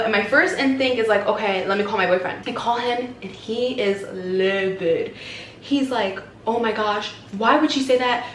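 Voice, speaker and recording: A woman in her twenties telling a personal story in a casual vlog, animated and acting out the voices of people she quotes. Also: medium pitch, slight background noise. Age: 20s. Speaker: vlogger. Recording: echoey room with background music.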